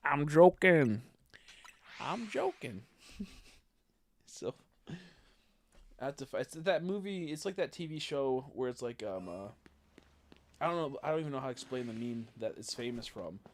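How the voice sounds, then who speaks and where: A man's voice: mid-range voice, expressive, moderate pace, pauses often, slight background noise. A young man streaming a game, chatting casually in a rambling way, swearing freely and tossing in jokey asides. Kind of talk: casual gaming livestream chat.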